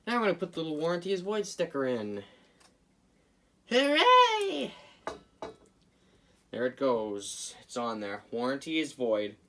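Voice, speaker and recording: Rambling man with loud bursts, noisy recording. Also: medium pitch, expressive, a little fast, few pauses. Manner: rambling, jokey, talks to viewers, sudden loud bursts. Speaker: hobbyist video host repairing a clock. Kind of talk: casual narrated repair video. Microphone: camera mic, speaker often away from camera.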